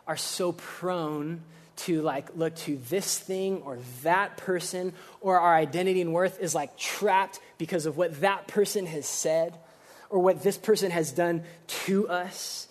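A man preaching a casual, energetic sermon, using slang and swinging between loud emphasis and quiet reflection. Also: sits high, a little slow. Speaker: pastor.

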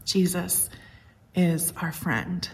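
Low-voiced woman preaching conversationally. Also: very slow. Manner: earnest, reflective storytelling with a touch of humor. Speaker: pastor. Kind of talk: conversational sermon.

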